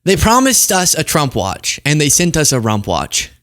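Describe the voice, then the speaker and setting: A man's voice: a little high, wildly swooping pitch, moderate pace, fairly bright tone. A young man hosting a political commentary show, talking in a sarcastic, conversational way. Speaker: host.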